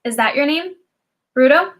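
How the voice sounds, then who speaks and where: A woman voicing a spirited preteen girl on a spooky quest, talking in a high, coaxing, excitable way. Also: moderate pace. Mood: playful.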